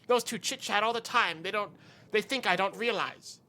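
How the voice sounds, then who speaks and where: A man's voice: high voice, moderate pace, sharp tone. A man voicing a sly teenage princess who tattles on her sisters to her father, reading game dialogue in a lifted, gossipy voice. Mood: tattling.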